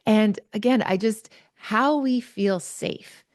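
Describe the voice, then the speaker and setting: A woman host telling a personal story in an animated, chatty way, peppered with "like". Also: medium pitch, slow, dry recording, studio quality. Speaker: podcast host, psychologist.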